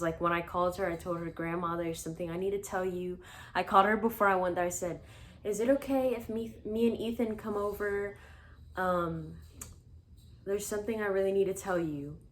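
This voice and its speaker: A woman's voice: fairly low pitch, a little hiss or hum. Chatty young woman telling her story. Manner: chatty, frequent "like", laughs between sentences. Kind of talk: casual storytelling to camera.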